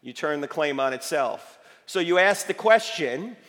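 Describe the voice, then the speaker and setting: A man giving an emphatic, lively lecture to a live audience, quizzing them with rhetorical questions, his voice slightly failing. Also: on the high side, a little slow. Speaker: speaker addressing a live audience. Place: large hall with audience. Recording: echoey hall reverb.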